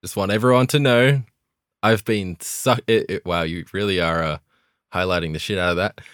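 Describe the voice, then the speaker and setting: Podcast co-host, young adult male, low-pitched, deadpan, stumbling delivery, dry mic. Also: normal speed, clean tone, dry recording. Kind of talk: casual chat.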